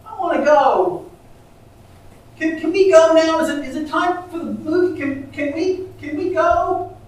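A man's voice: extremely high pitch, measured pace, voice pushed up. A man voicing an anxious four-year-old boy who pleads and stammers, in a sermon story. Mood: whining. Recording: echoey room from far off.

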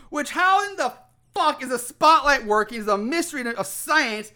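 A man's voice: high-pitched, pushed and bright. A man co-hosting a casual podcast, recapping a film plot in a rambling, profane way with lots of restarts. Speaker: podcast co-host.

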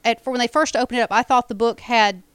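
A woman co-hosting a fan podcast, with a slightly high, smooth voice. She picks at plot details with dry, wry remarks. The sound is close and dry. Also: quick pace, dry recording. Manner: nitpicky, wry commentary. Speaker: podcast co-host. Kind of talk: casual fan podcast chat.

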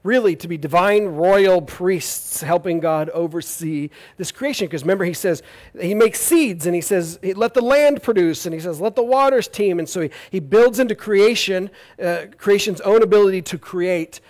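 A male pastor with a high voice gives a sermon. He tells his stories in an animated, jokey way, and he keeps it conversational with lively, humorous asides. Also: normal speed.

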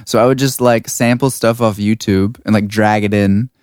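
A man's voice: lowish voice, steady tone, moderate pace, a little mellow, clear, resonant tone, no echo. A young man, a music producer, chatting casually with lots of fillers in a studio. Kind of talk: casual chat. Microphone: studio mic.

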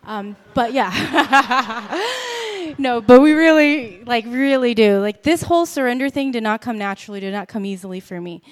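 A woman addresses a church congregation in a relaxed, chatty way. Her voice sits a bit high. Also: normal speed. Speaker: church speaker. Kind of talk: casual talk to a congregation.

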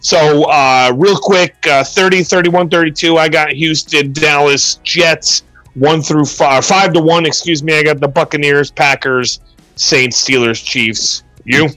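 A man's voice: on the high side, fairly even intonation, measured pace, bright, forceful tone, dry recording, faint music behind. A man co-hosting a sports podcast, telling a story with self-mocking humor and frequent laughs. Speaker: podcast co-host. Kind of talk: casual sports chat. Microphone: remote call mic.

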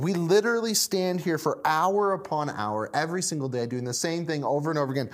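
A man putting on a fed-up, bored factory worker. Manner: exasperated, loud and high.

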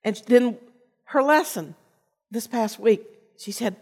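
An older woman giving a personal storytelling sermon, earnest, with pauses and restarts. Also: on the high side, darkish tone, breathy edge. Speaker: lay preacher and teacher. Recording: long reverb of a large hall.

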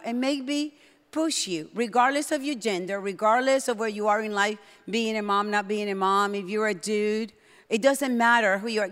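A middle-aged woman preaching a sermon in a church, bold and emphatic, getting loud when excited. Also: fairly high pitch. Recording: long hall reverb.

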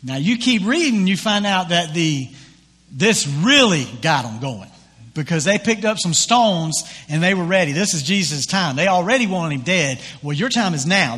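Pastor, conversational sermon delivery, fairly high pitch, reverberant hall sound. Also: male voice, breathy edge. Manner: conversational, animated retelling with acted quotes.

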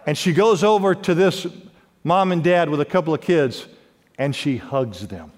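A man preaching a sermon as pastor, emphatic, with wide swings in pitch and loudness, in a large church. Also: expressive, moderate pace. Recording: long hall reverb.

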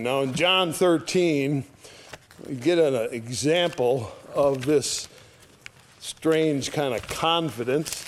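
Preaching in a conversational Bible-teaching style, a man reads scripture aloud and frequently asks his listeners "all right?" His voice is medium in pitch, with a little hiss or hum in the audio.

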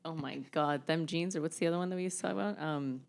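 A woman's voice: deep voice, fast talker, vocal fry, a little mellow. A woman co-hosting a podcast in casual chat, laughing often and joking. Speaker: podcast co-host.

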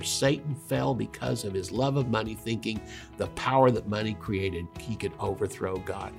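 A man preaching a radio sermon, emphatic, his voice sometimes dropping low. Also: moderate pace, creaky, soft background music. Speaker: pastor.

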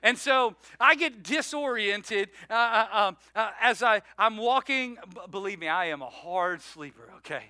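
A man preaching a sermon as pastor, telling a story in an animated, self-mocking way. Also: sits high, moderate pace, hardly any pauses, no echo, studio quality. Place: church sanctuary.

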